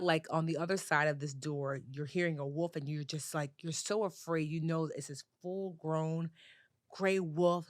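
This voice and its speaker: A woman being interviewed as a personal finance expert, telling lively stories in casual chat with lots of fillers. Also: fairly low pitch, dry recording, studio quality. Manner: animated, lively storyteller with many "like"s.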